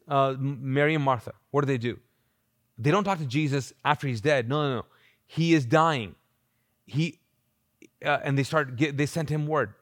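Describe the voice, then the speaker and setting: Animated male pastor, conversational sermon. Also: a little high, no echo, studio quality. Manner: conversational, animated preaching with rhetorical questions. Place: church auditorium.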